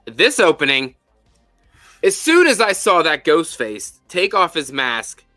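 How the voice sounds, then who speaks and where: A man hosting a casual spoiler review chat, animated and profane, with lots of fillers. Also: fairly high pitch, slow pace, dry recording, clean studio sound, faint music behind. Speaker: podcast host.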